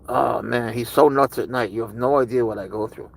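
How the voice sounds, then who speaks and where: A man's voice: mid-range voice, fairly even intonation, fairly quick, creaky, few pauses, poor audio. A man hosting a casual livestream with his cat, rambling chattily and answering viewers' chat messages. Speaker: livestream host with pet cat.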